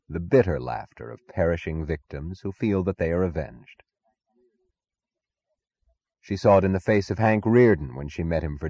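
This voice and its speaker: A man narrating an audiobook in a deliberate, expressive literary reading. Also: deep voice, dry recording. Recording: dull, dry lo-fi audiobook recording.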